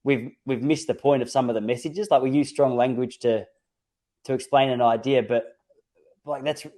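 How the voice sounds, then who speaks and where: Mellow-voiced man, reflective. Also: medium pitch, fairly even intonation, moderate pace. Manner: reflective, storytelling with many restarts. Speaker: podcast host. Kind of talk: casual conversation.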